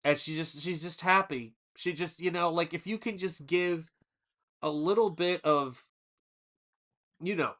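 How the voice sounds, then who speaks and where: A man's voice: a little high, measured pace, long pauses, a bit bright. A man hosting a casual livestream chat, telling long stories with frequent restarts and laughs. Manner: rambling storyteller, restarts and laughs. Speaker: livestream host.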